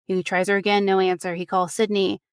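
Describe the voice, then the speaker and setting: A woman telling a true crime story in a relaxed, chatty way, leaning on fillers as she goes. Her voice is smooth and crisp, at a middle pitch. It sits close and dry on the mic, with no room sound. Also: fairly quick, no room sound. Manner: chatty, many fillers like "you know" and "like". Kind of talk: casual storytelling recounting a case.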